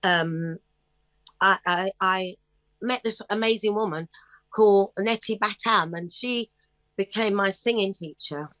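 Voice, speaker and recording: A woman's voice: mid-range voice, a little slow, dry recording. A woman in her fifties, a singer, telling stories from her life in a casual interview. She acts out other voices and breaks into snatches of song. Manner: animated storyteller who acts out voices and sings snatches of songs.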